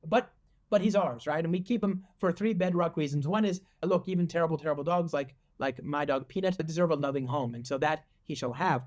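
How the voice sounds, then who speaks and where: A man with a slightly high voice hosts a casual coding tutorial. He talks in an animated, joking way and often restarts his sentences. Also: brisk. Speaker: host and software developer advocate.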